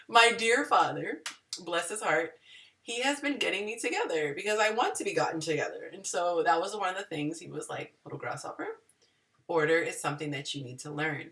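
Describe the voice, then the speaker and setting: A woman hosting a casual group video call, telling stories with a lively, self-mocking energy. Her low-set voice is bright and sharp-edged and moves all over the place, and she sounds a little far from her mic. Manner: animated, self-deprecating storyteller with acted-out quotes. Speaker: host.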